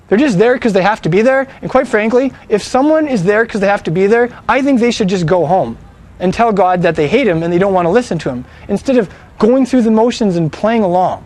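A man's voice: sits high, darkish tone. A man preaching a sermon, emphatic and fond of rhetorical questions.

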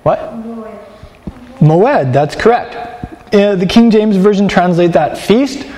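Halting man preaching in a reverberant hall. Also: high-pitched, expressive, warm tone, a little hiss or hum. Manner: conversational, halting with repeated restarts. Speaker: teacher. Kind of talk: sermon.

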